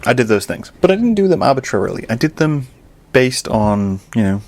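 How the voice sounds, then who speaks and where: A young man talks through a casual podcast rant in a mid-range voice. He drops into low, self-critical muttering, then climbs into loud, exasperated outbursts. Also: very animated, a little fast. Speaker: podcast host. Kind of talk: casual ranting monologue.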